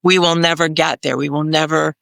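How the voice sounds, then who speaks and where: A woman's voice: low voice, flat delivery, a little fast, creaky, a bit bright, no room sound, studio quality. A woman clinician on a health panel, speaking emphatically and repeating phrases for stress. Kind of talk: panel discussion.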